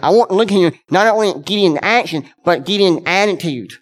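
A man's voice: high voice, lively intonation, fairly quick, few pauses. A man preaching a sermon, earnest and conversational, speaking directly to his congregation and repeating key words for emphasis.

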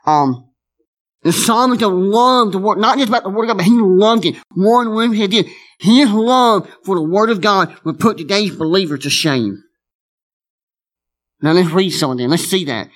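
A man's voice: high voice, normal speed, a bit bright. A man preaching a sermon as pastor, emphatic, often repeating himself and restarting phrases.

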